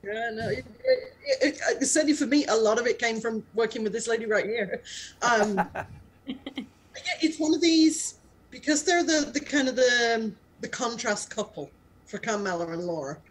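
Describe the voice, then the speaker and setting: A woman with a somewhat high voice talks casually over a video call. She laughs often and keeps restarting her sentences as she talks. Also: normal speed, poor audio. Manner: chatty, laughing, lots of fillers and restarts. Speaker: actor in the radio play.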